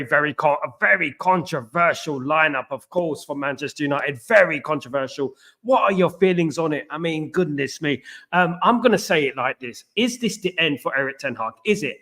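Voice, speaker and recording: Male stream host, rambling fan chat, slightly high voice, repeats himself, quizzes viewers. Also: fairly bright tone. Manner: rambling, repetitive, asks viewers questions. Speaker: host of a football watchalong. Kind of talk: live stream watchalong chat.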